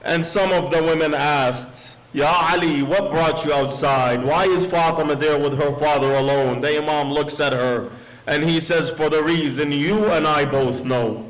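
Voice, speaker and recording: Male sheikh, slightly high voice, solemn sermon storyteller in a mosque, quotes in Arabic. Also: steady tone, normal speed, rough recording.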